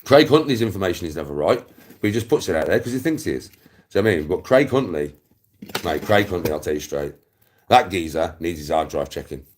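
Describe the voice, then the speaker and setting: A man's voice: low voice, lively intonation, quick pace. A man, ranting casually to camera in a mocking, taunting way, repeating his jibes and breaking into laughs. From West Midlands, England. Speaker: vlogger.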